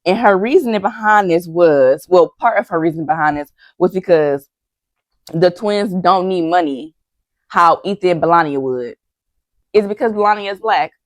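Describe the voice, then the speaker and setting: A woman's voice: on the low side, no echo. A young woman giving a chatty, gossipy reality-TV recap, talking straight to her viewers and acting out what people said. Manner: chatty and gossipy, addresses viewers as y'all, acts out quotes. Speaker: recap vlogger.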